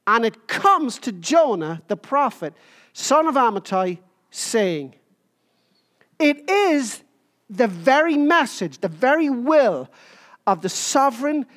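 A woman preaching a sermon, emphatic, with short repeated phrases and pauses. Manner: jokes about squeaking into a higher voice.

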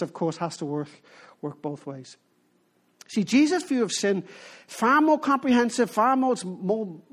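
A preacher giving a sermon in an emphatic way, often restarting phrases and putting rhetorical questions to the listeners. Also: mid-range voice.

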